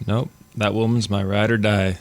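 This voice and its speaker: A man hosting a podcast in relaxed, casual chat, joking and laughing often. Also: on the low side, moderate pace. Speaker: podcast host.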